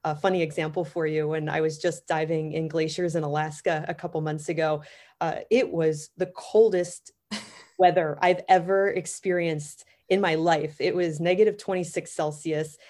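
This Florida diver in her thirties, a technical diver and underwater cameraman, guests on a relaxed interview and speaks with eager enthusiasm, stumbling through fillers and restarts. She keeps a steady tone at normal speed, her low voice slightly mellow.

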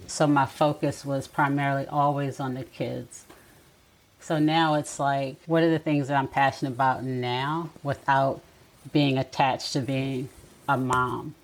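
Middle-aged woman, deep voice, gravelly, reflective podcast guest, gently advising. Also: fairly even intonation, a little slow, low-quality recording. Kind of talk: casual podcast conversation.

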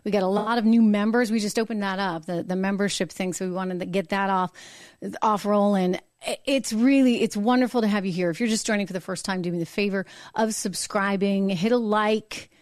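A woman hosting a live-streamed political show, talking emphatically and indignantly, repeating her points and jumping higher in pitch when worked up. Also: fairly even intonation, brisk, dry recording, studio quality. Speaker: political talk show host.

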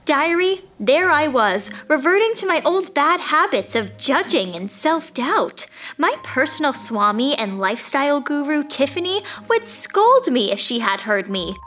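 Uma atriz interpreta uma atriz vaidosa e egocêntrica que narra o seu diário numa comédia em áudio, com voz aguda e muito expressiva. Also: female voice, high voice, big pitch swings, a little slow, fairly bright tone, full character voice. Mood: chatty. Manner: breezy, self-centered diary narration. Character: vain self-absorbed actress keeping a diary. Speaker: narrator and lead character. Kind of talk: comedic audio drama.

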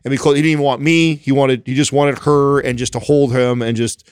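A man in his thirties hosts a casual podcast chat. He rambles, restarts his sentences and swears casually, in a mid-pitched voice. The sound is dry and close, with no room around it. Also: steady tone, fairly quick, clear, resonant tone, dry recording. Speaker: podcast host.

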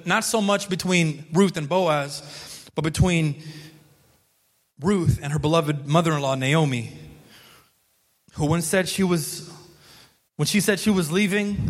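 A male pastor delivers a sermon in a casual, storytelling tone, driving points home through repetition. His voice sits high for a man. The sound rings with a long reverb, as from a large hall. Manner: conversational storytelling, emphatic repetition.

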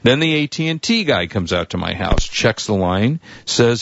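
A man's voice: fairly low pitch, big pitch swings, normal speed, gravelly, few pauses, a bit bright, dry recording. A man hosting a tech news show, telling a rambling story and acting out the people he quotes. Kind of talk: casual chat, long anecdote. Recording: dull lo-fi dry sound.

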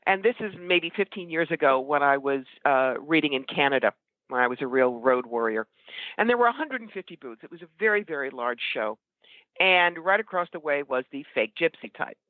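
Female interview guest, psychic medium, brisk and blunt, phone-quality line. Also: low voice, expressive, no echo. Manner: blunt, opinionated, brisk storytelling. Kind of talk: casual interview conversation. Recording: tinny phone-like line, dry.

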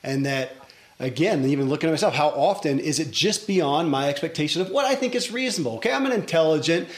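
A man's voice: on the high side, animated, fast talker. A middle-aged man hosting a podcast who reflects and thinks aloud. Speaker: podcast host. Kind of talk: podcast interview chat.

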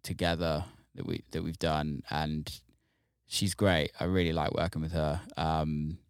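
A man hosting a casual interview, talking in a relaxed, halting way with casual swearing. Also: very deep voice, vocal fry, clear, resonant tone, dry recording, clean studio sound. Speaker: podcast host, DJ.

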